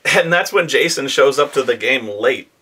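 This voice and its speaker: Bright-voiced man swearing through a game story. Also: medium pitch, normal speed, slightly rough. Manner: profane, animated, acts out players in raised voices. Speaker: host telling a tabletop game story. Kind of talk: casual storytelling monologue.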